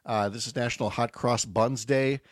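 A man's voice: medium pitch, steady tone, moderate pace, a little hiss or hum. A man in his fifties hosting a radio morning show, chatting casually and joking with fillers. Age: 50s. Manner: chatty, jokey, loose with fillers.

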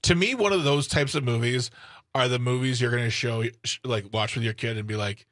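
A man co-hosts a casual call-in radio show at an ordinary mid pitch. He jokes, rambles and trails off mid-sentence. His voice sounds dry and close to the mic. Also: brisk, a bit bright, no room sound. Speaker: radio co-host.

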